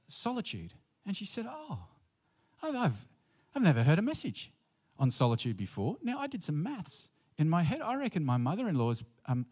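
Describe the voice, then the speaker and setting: A middle-aged pastor delivers a sermon in a slightly higher voice than most men. He keeps it conversational, tossing playful asides to the congregation between readings.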